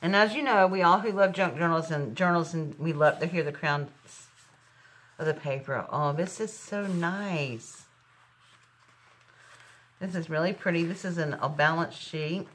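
A woman's voice: fairly low pitch, measured pace, a bit bright. A middle-aged woman chatting casually as she unboxes craft gifts, gushing over each item. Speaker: crafting channel host.

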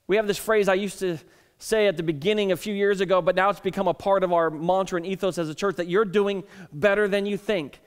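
A man's voice: high voice, steady tone, a little fast, clear, resonant tone. A male pastor in his thirties giving a conversational sermon, telling family stories and often restarting his words. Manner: conversational, self-deprecating storytelling with frequent repeated starts. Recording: long reverb of a church hall.

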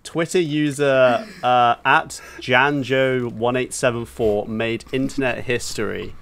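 A young man co-hosting a podcast in casual chat, laughing through his story as he tells it. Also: medium pitch. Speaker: podcast co-host.

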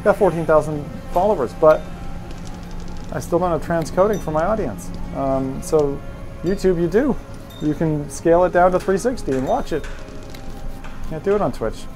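A man's voice: fairly high pitch, animated, normal speed, long pauses, music in the background. A man streaming a VR game, chatting casually and reading viewer messages aloud. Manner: rambling, chatty, reads chat aloud. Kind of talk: casual live-stream chat.

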